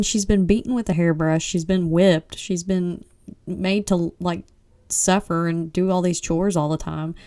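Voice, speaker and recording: A woman hosting a casual solo book-review podcast, chatty and expressive, often saying "like" and "I mean.". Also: fairly low pitch. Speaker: podcast host.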